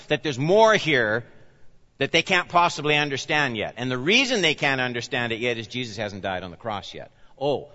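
Man preaching with lively emphasis. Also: mid-range voice. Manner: animated preaching, rising and falling emphasis. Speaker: pastor. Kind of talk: sermon. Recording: reverberant hall, dull lo-fi sound.

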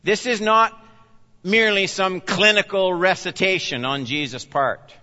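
Man, pastor, sermon, from Canada, emphatic, forceful bright voice, long hall reverb. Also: high-pitched, measured pace. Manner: emphatic, swings between loud urgent preaching and quiet asides. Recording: dull sound with long reverb in a large hall.

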